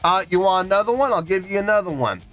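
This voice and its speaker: A man's voice: high-pitched, lively intonation, quick pace, fairly bright tone. A man reviewing a song in an emphatic, indignant rant, counting out beats aloud. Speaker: music reaction reviewer.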